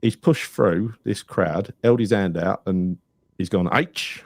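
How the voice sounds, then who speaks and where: Low-pitched man, casual podcast chat, dry close sound with no room echo. He rambles through long anecdotes and acts out everyone in them. His stories wander but keep moving. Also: unhurried. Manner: rambling anecdotal storyteller, animated retelling with quoted voices. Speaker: podcast host.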